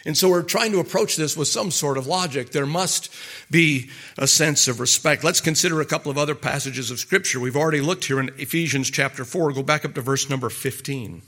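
A middle-aged male pastor gives a conversational sermon, throwing rhetorical questions at his congregation in a homely, folksy manner. His voice is bright and forceful and sits slightly above the usual male range. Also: on the high side, brisk. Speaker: pastor and marriage counselor.

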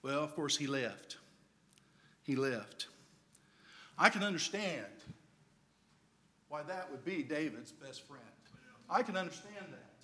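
Older man telling a lively sermon story. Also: fairly high pitch, unhurried, pauses often. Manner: lively storyteller, playful humor. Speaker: preacher.

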